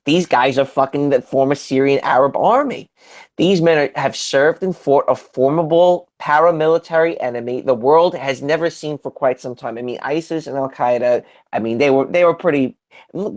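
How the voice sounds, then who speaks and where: A man's voice: medium pitch, normal speed. A man co-hosting a casual group chat, talking in a blunt, profane, mocking way. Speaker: podcast co-host.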